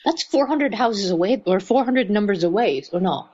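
A woman's voice: medium pitch, lively intonation, moderate pace, a little mellow, husky. Chatty woman on a dull-sounding mic. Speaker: podcast co-host. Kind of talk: casual chat.

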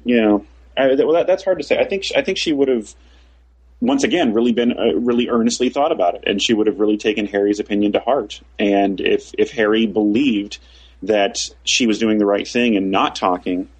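A man with a lowish, husky voice talks through his view in casual discussion. He is thoughtful, often repeating and restarting his phrases as he works out what he means. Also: fairly quick, rough recording.

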